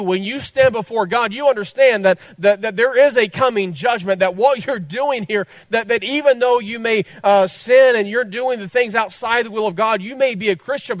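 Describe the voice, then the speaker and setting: A man's voice: high-pitched, no echo. A man preaching a sermon as pastor, fervent and repetitive, addressing listeners directly.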